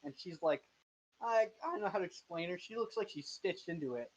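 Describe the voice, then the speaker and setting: A man's voice: high-pitched, lively intonation, brisk, slightly rough. A man in his twenties narrating a tabletop game as game master, casual and joking, often stumbling over his words. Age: 20s. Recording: dull lo-fi voice chat audio.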